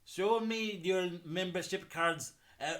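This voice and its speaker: A game streamer voicing an officious club doorman in a slow, exaggerated mock Scottish accent. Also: medium pitch, a bit bright, voice pushed up. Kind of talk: video game voice acting while streaming.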